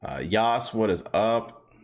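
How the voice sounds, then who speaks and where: A man's voice: fairly low pitch, expressive, takes it slowly. A man hosting a casual stock market livestream, chatty and upbeat, greeting viewers by name and telling rambling stories with lots of fillers. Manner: rambling storytelling with many fillers.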